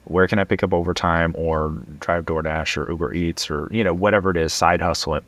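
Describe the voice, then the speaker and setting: Deep-voiced, earnest financial coach man. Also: steady tone, brisk, a bit bright, no echo. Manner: earnest, emphatic, tag questions. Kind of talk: casual conversation.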